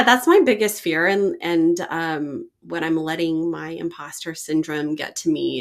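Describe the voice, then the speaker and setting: A woman in her thirties, a mother and podcast co-host, talking earnestly and reflectively with some halting restarts. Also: fairly low pitch, gravelly. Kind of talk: casual chat.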